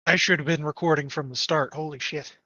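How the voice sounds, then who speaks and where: A man's voice: on the high side, steady tone, fairly quick, pushed and bright, dry recording. A man playing a tabletop role-playing game in character, speaking in a dry, matter-of-fact way. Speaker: player. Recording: dry, dull lo-fi mic.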